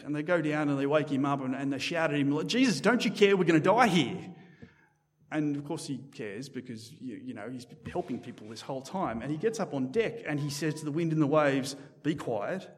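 A man preaching a sermon in a church in a conversational, animated way, often restarting his sentences. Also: medium pitch, in a large hall. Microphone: microphone.

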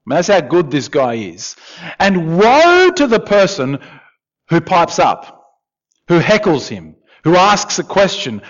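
Aussie pastor guy preaching, lively swooping voice, bit high, dull lo-fi sound. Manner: animated, conversational preaching with asides to the congregation. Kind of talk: sermon.

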